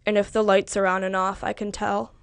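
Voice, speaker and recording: Calm blind therapist, read by a woman. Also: medium pitch, a little fast, gravelly, clean tone, no room sound, lightly acted. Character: calm blind male therapist, patient, firm. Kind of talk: audiobook character voice.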